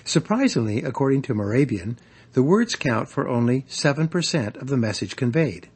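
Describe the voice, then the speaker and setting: A man reading his own guide to public speaking as scripted audiobook narration, measured and instructive. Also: mid-range voice, sing-song, a little mellow, slightly rough. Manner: measured, instructive, varies emphasis for examples.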